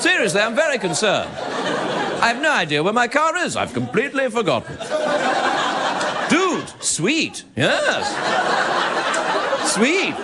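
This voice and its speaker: A man putting on an earnest, overly grave actor, over loud live crowd noise. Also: very high-pitched, huge pitch swings, slow pace, pauses often, pitched above the performer's own voice, heavily acted. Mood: mock earnest. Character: dignified posh British male actor, earnest.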